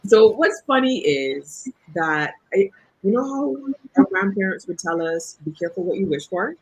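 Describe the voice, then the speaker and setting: A woman, a guest author telling lively, laughing anecdotes in a casual interview. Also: medium pitch, normal speed, breathy edge, poor audio.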